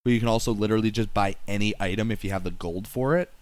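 A man's voice: fairly low pitch, very fast, smooth, no room sound. Rambling young man on a voice call. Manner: rambling, lots of fillers and restarts. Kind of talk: casual gaming chat.

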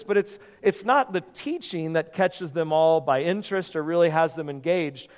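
A man's voice: fairly high pitch, moderate pace, hardly any pauses. A man preaching a sermon as pastor in a church, conversational and given to repeating words as he thinks. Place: church sanctuary. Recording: long hall reverb.

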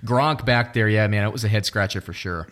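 A man hosting a casual podcast, talking in a relaxed, rambling way with many fillers. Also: on the low side, brisk. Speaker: podcast host.

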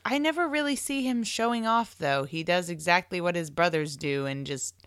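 A woman with a bright, smooth, lowish voice trades wry critiques of a movie in casual podcast chat. She acts out her own reactions with a dry sense of humor. The recording is dry and close. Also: expressive, moderate pace, dry recording. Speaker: podcast co-host.

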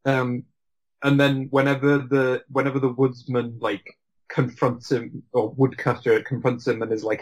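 A man's voice: medium pitch, level tone, unhurried, low-quality recording. A man in casual conversation about a film, rambling with many restarts and frequent laughs.

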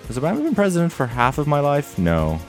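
A man's voice: on the high side, huge pitch swings, fast talker, faint music behind. A nineteen-year-old man chatting casually, hesitating and restarting often with many fillers. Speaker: friend in conversation. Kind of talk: casual chat.

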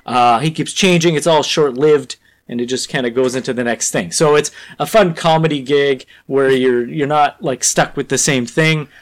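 A man co-hosting a podcast in casual chat, rambling through a story pitch with lots of fillers. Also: moderate pace. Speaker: podcast co-host.

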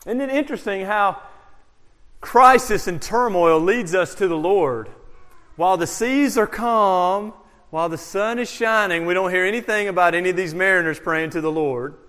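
A pastor preaching a verse-by-verse sermon, asking rhetorical questions, sometimes loud and sometimes hushed. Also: male voice, high-pitched, in a large hall. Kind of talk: expository sermon.

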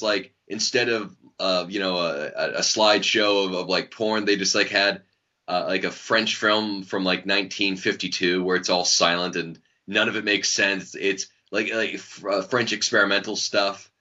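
A man co-hosting a casual gaming podcast, riffing with animated jokes. His voice is low but bright and forward. It comes through a dull, lo-fi recording. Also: normal speed. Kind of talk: casual chat about video games. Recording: dull lo-fi sound.

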